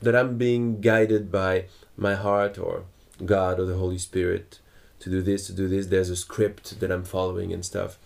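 Gravelly man asking questions hesitantly. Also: sits low, flat delivery, moderate pace, few pauses. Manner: hesitant, searching for words, with many restarts. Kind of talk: spiritual dialogue.

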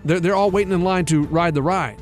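Rambling storyteller man, higher voice. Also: a little fast, soft background music. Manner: rambling animated storytelling, acts out quotes. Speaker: radio show co-host. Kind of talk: casual chat, storytelling.

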